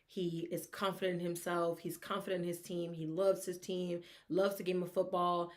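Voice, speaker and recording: Solo on her laid-back sports talk show, a woman with a lowish voice speaks at a normal pace. She's animated and rambling, wandering onto tangents while acting out how fans react.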